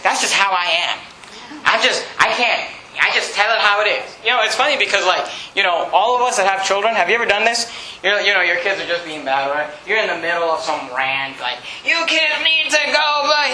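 A pastor preaches with a high, piercing brightness, leaning hard on his points and slipping into little acted voices. The room rings around him with a faint hiss of noise underneath. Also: reverberant, poor audio. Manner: emphatic preaching, acts out quoted speakers. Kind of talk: sermon.

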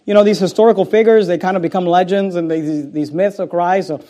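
Delivering a passionate sermon, this pastor swings from booming, climbing proclamations to hushed intensity, repeating lines for impact. His voice sits high with a steady tone and a quick pace.

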